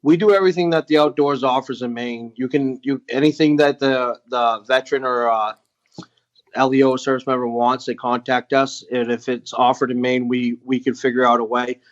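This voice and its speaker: Man, veteran guest, earnest halting storytelling, middle pitch, dull lo-fi audio. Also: fairly even intonation. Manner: halting, frequent "uh" and restarts, earnest. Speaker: guest, veteran who runs an outdoor organization for veterans. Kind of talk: candid storytelling in interview.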